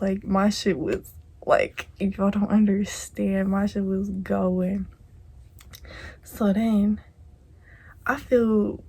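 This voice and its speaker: A woman vlogger telling a casual storytime in a slow, unhurried drawl. Her voice is gravelly and husky with a dark, mellow tone. She swears freely, says "like" constantly, and slips into soft whispers. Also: medium pitch. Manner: slangy, swears a lot, heavy use of "like"; drops into soft whispers at times.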